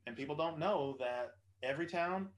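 A man's voice: a little high, normal speed, rough recording. Rambling, profane man hosting a chat. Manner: rambling, profane, with many fillers. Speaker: podcast host. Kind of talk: casual political chat.

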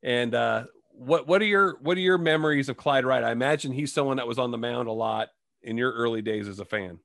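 A man's voice: mid-range voice, brisk, vocal fry, fairly bright tone, dry recording, studio quality. A man hosting a casual sports talk show, reciting player stats and asking his guest questions. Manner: reads stats, asks questions. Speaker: host.

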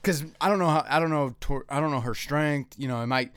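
A man's voice: a little high, a little fast, a bit bright, clear, resonant tone, no echo. Young male co-host, rambling profane chat, dry mic. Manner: rambling, profane, with lots of fillers and laughs. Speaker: podcast co-host. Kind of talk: casual chat.

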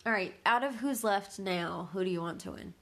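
A woman co-hosting a relaxed podcast chat. She has a middle-pitched voice and a teasing, easygoing way of talking, often breaking into laughter. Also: moderate pace, gravelly. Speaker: podcast co-host. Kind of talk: casual chat.

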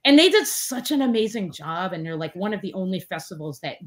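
A woman in her forties, a guest in a casual interview, telling stories with lots of fillers and lively quoted voices. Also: brisk. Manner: animated, many fillers, acts out quotes in a higher voice. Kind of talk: casual storytelling chat.

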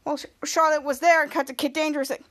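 A woman hosting a podcast, retelling a TV episode scene by scene in a halting way, with frequent restarts. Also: high-pitched, flat delivery, fairly bright tone. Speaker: podcast host. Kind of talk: casual episode recap.

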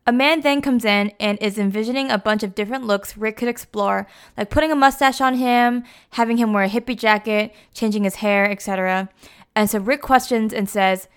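A woman's voice: fairly high pitch, brisk, smooth. A young adult woman casually retelling a story, chatty and full of fillers like "like" and "you know".

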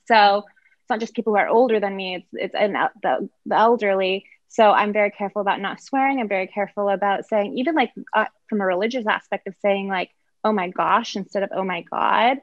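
Woman explaining her views calmly in a group chat, slightly muffled dull audio. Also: medium pitch, no room sound. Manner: thoughtful, measured explanations. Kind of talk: casual group discussion.

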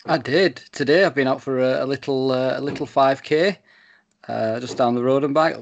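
A man's voice: medium pitch, normal speed, gravelly, highs cut off. A man co-hosting a podcast, talking in a hesitant, rambling way with many restarts. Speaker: podcast co-host. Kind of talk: casual podcast chat.

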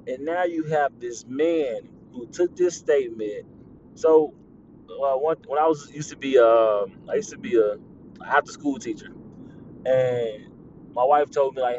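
Animated podcast host, teasing and laughing. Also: male voice, a little high, a little slow. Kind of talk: casual monologue podcast. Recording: slightly dull lo-fi audio with faint background noise.

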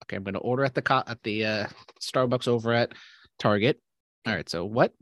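A man chatting casually, hesitant and full of fillers, who drops in wry asides. His voice sits at a middle pitch. The sound is dry and close to the mic. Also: a little fast, a bit bright, dry recording. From Spokane area. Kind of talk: casual chat.

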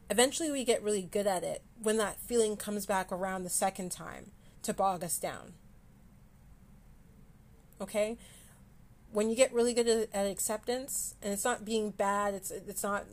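A woman with a mid-range voice hosts a personal mental health podcast, speaking candidly and with self-deprecation. Her speech is halting, full of fillers and restarts, and at times she's close to tears.

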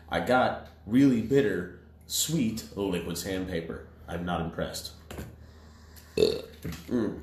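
A man co-hosting a podcast, ranting in profane casual banter that swings between loud outbursts and low mutters. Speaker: podcast co-host. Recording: echoey room with faint noise.

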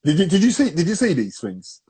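A man's voice: a little high, huge pitch swings, fairly quick, a little mellow, slightly rough. A young man, co-hosting a casual podcast chat, rambling with restarts and calling people "bro". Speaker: podcast co-host.

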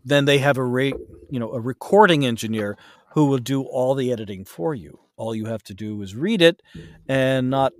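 A man's voice: medium pitch, moderate pace, no room sound. Rambling man narrator, dry sound. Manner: rambling, many fillers and restarts. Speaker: audiobook narrator guest. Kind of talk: casual interview chat.

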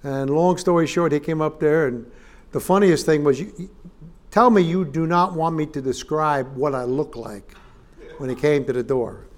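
Folksy joking preacher man, slightly high voice. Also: normal speed. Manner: folksy and joking, calls for amens and addresses listeners as neighbor. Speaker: traveling preacher. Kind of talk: humorous sermon opening to a congregation. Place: church service in front of a live congregation.

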